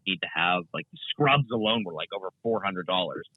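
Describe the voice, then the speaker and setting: A man's voice: sits low, expressive, fast talker, husky, dry recording. A young man, a guest content creator, chatting casually in an interview, rambling with many fillers and restarts over a remote call. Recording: tinny phone-like line.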